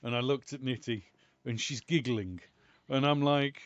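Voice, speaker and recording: A British man casually chatting and telling stories while playing a game, animated and exclamatory. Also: medium pitch, normal speed, no echo, dull audio. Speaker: gaming channel host. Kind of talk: casual gameplay commentary.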